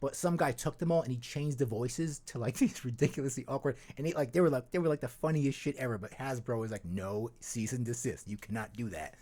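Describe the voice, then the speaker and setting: A man's voice: medium pitch, quick pace, hardly any pauses, warm tone. A man hosting a podcast in a casual, rambling chat, with many restarts and fillers. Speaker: podcast host.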